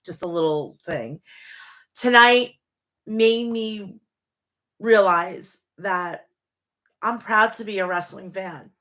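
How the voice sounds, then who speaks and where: A woman's voice: medium pitch, slow pace, long pauses, a bit bright. A woman in her forties, from the New York area, gushing and swearing emotionally through tears as she reviews a wrestling show in a casual vlog. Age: 40s. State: tearful.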